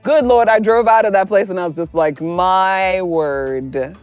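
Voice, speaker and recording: A woman's voice: mid-range voice, quick pace, no echo, faint music behind. A woman hosting a casual chat, telling a dating story with lots of laughter and acted-out voices. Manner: animated, laughing, acts out voices in her story. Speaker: podcast host.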